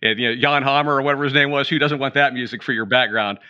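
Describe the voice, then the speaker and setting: A middle-aged man talks quickly, his voice bright and pressing forward, and his tales wander and restart as he goes. The sound is dry and a bit muffled, like a lo-fi podcast recording. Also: mid-range voice, dry recording. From Appalachian edge of Pennsylvania. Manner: rambling, self-correcting, animated storyteller. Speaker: podcast guest, retired drug agent. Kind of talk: casual storytelling interview.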